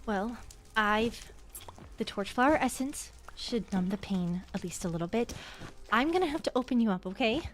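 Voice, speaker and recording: A woman's voice: on the high side, animated, moderate pace, a little hiss or hum. A woman speaking as a healer in a voice roleplay, anxious and apologetic, repeating herself a lot. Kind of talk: in-character voice roleplay.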